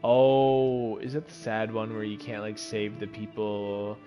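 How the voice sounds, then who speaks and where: A man streaming himself playing a game, commenting casually and swinging from loud outbursts to quiet muttering. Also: lowish voice, measured pace, over music. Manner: excitable, swings from yelling to muttering.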